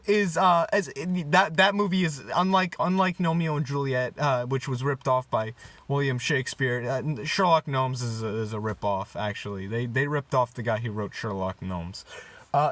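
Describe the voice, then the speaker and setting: A man's voice: fairly high pitch, pushed and bright, no room sound. A young man giving a mock-serious comedy rant, rambling and stumbling over his words with sudden sarcastic outbursts. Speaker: comedy vlogger.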